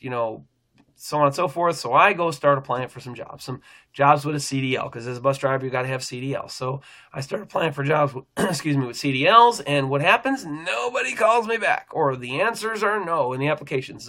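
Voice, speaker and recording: A man's voice: on the high side, bright, forceful tone. A middle-aged man, a pastor, telling a personal faith testimony in an earnest, rambling way, often restarting his sentences.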